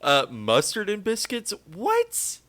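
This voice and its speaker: A man's voice: medium pitch, lively intonation, normal speed, fairly bright tone. A man hosting a casual podcast chat, laughing often and joking loosely. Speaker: podcast host.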